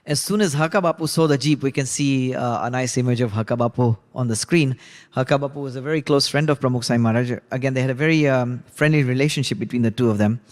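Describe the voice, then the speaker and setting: A man's voice: mid-range voice, fast talker. A man telling a story in a reverberant hall. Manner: conversational, relaxed retelling with frequent 'you know'. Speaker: religious class teacher. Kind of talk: storytelling lesson.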